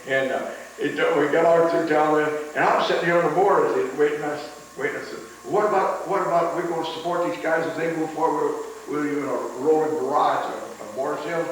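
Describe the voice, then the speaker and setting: A man's voice: a little high, a little fast. An older man, a veteran, telling his war stories in a rambling oral history interview, full of restarts. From United States. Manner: rambling storytelling with many restarts, chuckling at the memories. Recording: roomy, distant mic with faint hiss.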